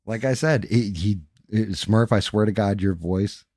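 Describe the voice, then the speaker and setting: A man's voice: fairly low pitch, unhurried, a little mellow, no room sound, clean studio sound. A man hosting a live stream, chatting casually and rambling to viewers with frequent profanity, into a microphone. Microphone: studio microphone.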